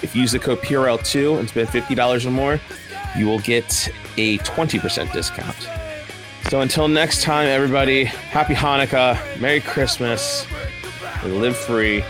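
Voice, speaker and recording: A man's voice: mid-range voice, normal speed, music in the background. A man hosting a casual podcast, talking loosely with lots of fillers and restarts. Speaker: podcast host.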